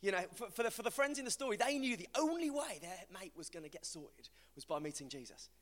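A preacher from the West Midlands gives a chatty, humorous evangelistic talk to a live audience in a large hall, telling stories about a friend with self-deprecating humour. His high, sing-song voice is fast and a bit bright, with a West Midlands English accent, and hall reverb from the live event is audible.

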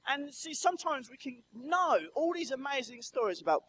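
High-voiced, lively man. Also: fairly quick, slight background noise, rough recording. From Brighton, England. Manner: storytelling, asks the audience questions. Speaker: church speaker. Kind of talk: lively children's talk in church. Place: church.

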